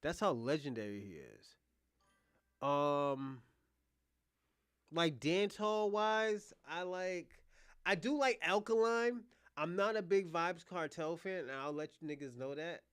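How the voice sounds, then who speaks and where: A man's voice: a little high, expressive, a little slow, a bit bright, clear, resonant tone, no room sound, clean studio sound. A man from the United States hosting a livestream, reacting to clips in a rambling, profane, casual way and talking straight to his viewers. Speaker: livestream host.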